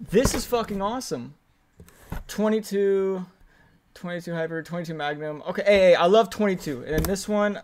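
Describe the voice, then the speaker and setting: A young man streaming a video game, chatting casually with viewers, excitable and swearing freely, yelling when the action heats up. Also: fairly high pitch, slight background noise. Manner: excitable, swears freely, yells during fights. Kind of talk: casual live-stream chat and gameplay commentary.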